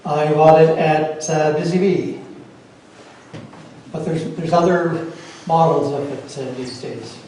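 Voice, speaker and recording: A man running an informal workshop demo for a club audience, speaking in a plainspoken, practical way. His voice is slightly high and mellow. He is picked up from a distance in a very reverberant room with faint background noise. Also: steady tone, slow pace. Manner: plainspoken, practical, answers questions on the fly. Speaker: club presenter teaching routing.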